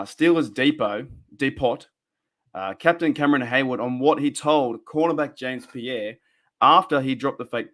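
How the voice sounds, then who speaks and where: An Australian man hosts a casual fan live stream, talking into a desk microphone. He rambles and gets excitable, breaking off to answer his chat viewers. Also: mid-range voice. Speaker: fan podcast host.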